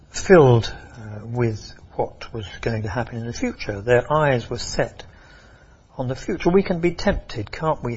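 Man preacher, husky voice, lively rising and falling pitch, emphatic and repetitive, muffled lo-fi recording. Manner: expressive, emphatic, with frequent repetitions and restarts. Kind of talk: sermon.

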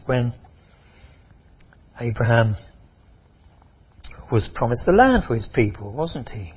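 Man preacher, husky voice, lively rising and falling pitch, emphatic and repetitive, muffled lo-fi recording. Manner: expressive, emphatic, with frequent repetitions and restarts. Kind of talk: sermon.

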